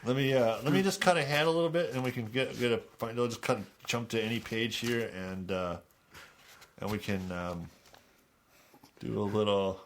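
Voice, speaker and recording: A man hosting a podcast, reading aloud from a book in a relaxed, chatty way. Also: mid-range voice, moderate pace, a little hiss or hum. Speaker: podcast host.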